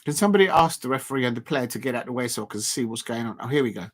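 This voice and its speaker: A man hosting a casual live stream, calling a snooker match in a chatty, rambling, self-deprecating way with lots of filler pauses. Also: mid-range voice, expressive. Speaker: YouTube live-stream host.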